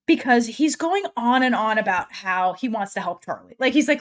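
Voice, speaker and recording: A woman's voice: a little high, animated, brisk, hardly any pauses. A young adult woman co-hosting a podcast, recapping an episode in casual chat, acting out the characters' lines with swearing and laughter. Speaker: podcast co-host.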